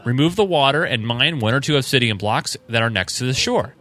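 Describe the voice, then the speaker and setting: Male podcast co-host, bright tone, loose chatty delivery reading fan mail. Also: mid-range voice, lively intonation, brisk. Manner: reads emails aloud with fillers and chuckles. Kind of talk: casual podcast chat.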